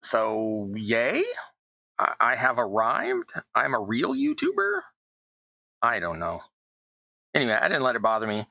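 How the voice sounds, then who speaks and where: Building tabletop terrain, this middle-aged YouTuber narrates in a fairly low, expressive voice that's bright and forceful, moving a little slowly with frequent pauses. Chatty and self-deprecating, he wanders into rambling asides; the recording is dry and the audio poor.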